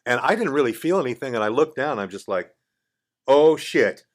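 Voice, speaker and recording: An older man, a guest in a radio studio, telling a casual story in a lively way and acting out the voices of the people in it. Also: mid-range voice, fast. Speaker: podcast guest.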